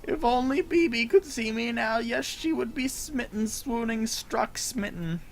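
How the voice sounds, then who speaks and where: A man plays a small, self-important game kobold with a voice pushed well above his own, swinging up and down. He strings together grand synonyms in eager, puffed-up runs. A rough fry scratches under the high tone. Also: animated, a little slow, soft background music, full character voice. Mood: self-satisfied. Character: fussy, boastful little male kobold.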